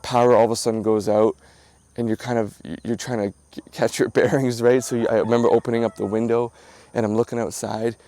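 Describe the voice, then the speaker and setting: A man's voice: medium pitch, little pitch movement, fairly quick, mellow, no echo. A man hosting a casual vlog, telling a story in a chatty, rambling way with lots of fillers and restarts, outdoors at his hillside home. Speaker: vlog host.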